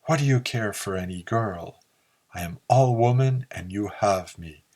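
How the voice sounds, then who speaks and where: A man voicing a seductive, mysterious siren woman in a soft, purring voice. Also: fairly low pitch, measured pace. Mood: tempting.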